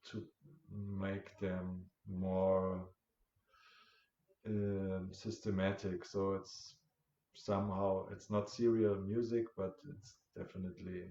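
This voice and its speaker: A man talking through his rhythm system in a halting, casual lesson, with many fillers, counting rhythm syllables aloud. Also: low voice, little pitch movement, warm tone. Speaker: musician explaining rhythm concepts. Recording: roomy, dull lo-fi audio with faint noise.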